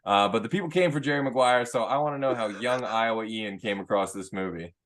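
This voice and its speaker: A man's voice: fairly low pitch, a little fast, a bit bright. A man hosting a casual podcast who jokes, swears freely and steers the talk. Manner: joking, profane, steering the talk. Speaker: podcast host.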